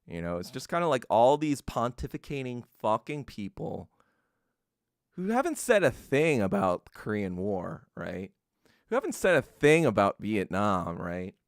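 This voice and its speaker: A man hosting a podcast, delivering an angry political rant in a profane, contemptuous, rapid-fire tirade. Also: on the low side, sing-song, no room sound, clean studio sound. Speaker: podcast host.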